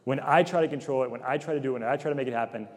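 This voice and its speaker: A man's voice: mid-range voice, racing. A man giving a casual, conversational sermon to college students, full of fillers and questions to the crowd. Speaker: campus minister. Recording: long hall reverb.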